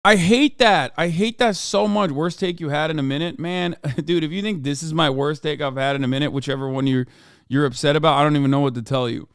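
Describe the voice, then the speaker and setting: A man hosting a livestream, ranting at his chat in a profane, sarcastic, heated way, sometimes shouting. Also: fairly quick, clean tone, no echo, clean studio sound. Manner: shouts and raises pitch when ranting. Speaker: livestream host reacting to chat. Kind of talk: casual livestream rant.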